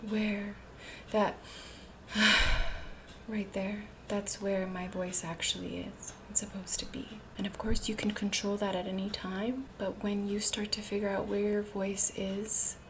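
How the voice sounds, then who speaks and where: A woman giving a self-help talk, speaking slowly and deliberately, often dropping into a breathy near-whisper. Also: medium pitch, little pitch movement, background noise. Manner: demonstrates different ways of speaking.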